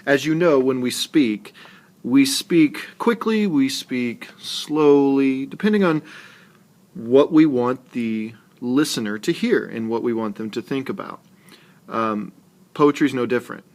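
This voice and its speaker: A man teaching a lesson on poetry rhythm, talking slowly and deliberately and stressing his syllables. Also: mid-range voice. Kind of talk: screencast lesson narration.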